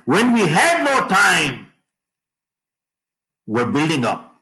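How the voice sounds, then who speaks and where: A man giving a motivational talk to an audience, emphatic, repeating key phrases and dropping his voice low on punchlines. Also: wildly swooping pitch, slow, sharp tone, poor audio. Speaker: motivational speaker.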